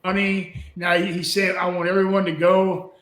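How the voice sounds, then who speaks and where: A man's voice: high-pitched, level tone, moderate pace, a bit bright. An older man, a former wrestling booker, telling a rambling, folksy story with chuckles in an interview clip. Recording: echoey room.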